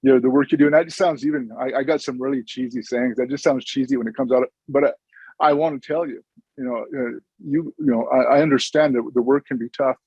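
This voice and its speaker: A man's voice: medium pitch, steady tone, fast talker, darkish tone, breathy edge, no room sound, lo-fi sound. A middle-aged man, a social worker, giving an earnest, informal conference presentation with stories and frequent restarts.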